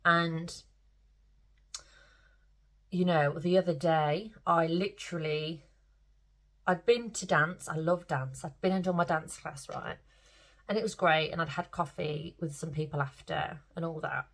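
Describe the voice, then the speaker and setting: A woman's voice: low voice, fairly even intonation, unhurried, long pauses. A middle-aged woman talking candidly to camera in a rambling way, emotional and close to tears, swearing freely. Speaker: spiritual vlogger. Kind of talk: casual talk to camera.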